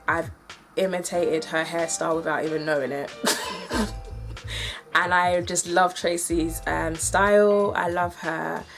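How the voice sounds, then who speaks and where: A British woman in her twenties talks casually to camera in a slightly low voice. She is chatty and upbeat and scatters "like" and "um" through her sentences. Faint music plays softly behind her. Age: 20s. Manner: chatty and upbeat, filler-heavy with "like" and "um". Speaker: hair vlogger.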